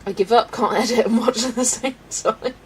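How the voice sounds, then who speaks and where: The host of this colouring livestream has a fairly high, gravelly, creaky voice and chats casually with her audience, giggling often. She speaks at a moderate pace, and the low-quality audio has a bit of hiss or hum.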